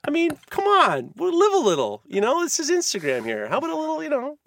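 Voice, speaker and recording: A man's voice: very high-pitched, wildly swooping pitch, fast talker, vocal fry, fairly bright tone. A man hosting a casual podcast chat, ranting in a heated, profane way. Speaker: podcast host.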